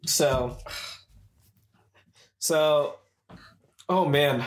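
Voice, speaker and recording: A man's voice: fairly high pitch, extremely slow. A man hosting a podcast in casual chat, rambling and addressing the audience, in a roomy recording. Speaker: podcast host. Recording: roomy echo.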